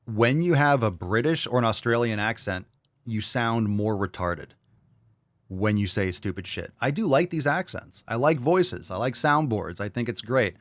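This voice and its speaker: A man's voice: mid-range voice, animated, moderate pace, no room sound. A man hosting a podcast, reacting to clips with crude, combative, profanity-laced rants. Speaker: podcast host.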